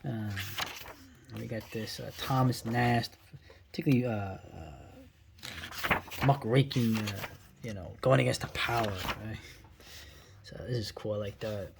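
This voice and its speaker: A man's voice: fairly low pitch, a little slow, creaky, long pauses, background noise. A man in his forties with a New York accent, talking through old cartoons in a rambling, blunt way full of asides and tag questions. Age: 40s. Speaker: video host. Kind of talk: casual commentary.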